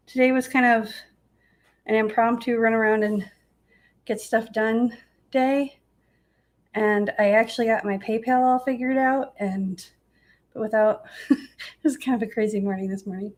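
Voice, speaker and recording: A woman's voice: on the high side, rough recording. A woman hosting a live painting demo, chatty and laughing easily as she works. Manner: chatty, laughs often, self-teasing. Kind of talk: casual live-stream demo chat.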